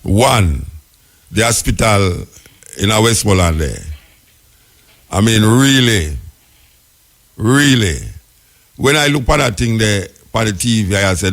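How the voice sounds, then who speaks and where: A Jamaican man hosting a radio talk show, musing in patois-laced commentary, his pitch jumping up when he is incredulous. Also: animated, measured pace, vocal fry, pauses often, fairly bright tone. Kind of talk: spoken commentary.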